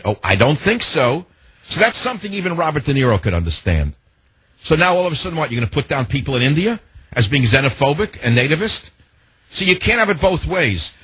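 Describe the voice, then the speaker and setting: A man hosting a talk radio show, delivering an emphatic, ranting monologue that swings up toward near-shouting. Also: medium pitch, husky, no echo, rough recording. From America.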